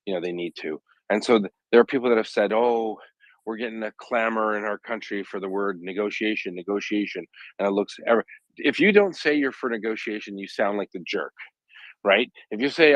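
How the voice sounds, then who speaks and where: A man's voice: lowish voice, expressive, a little fast, no echo, lo-fi sound. A man speaking as a guest commentator in a casual online discussion, arguing animatedly and acting out quoted voices.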